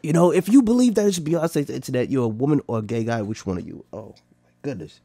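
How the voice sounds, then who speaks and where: A man's voice: medium pitch, expressive, a little fast, mellow, no echo. A man hosting a podcast, reacting to clips with profane, boastful casual commentary and frequent laughter. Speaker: podcast host.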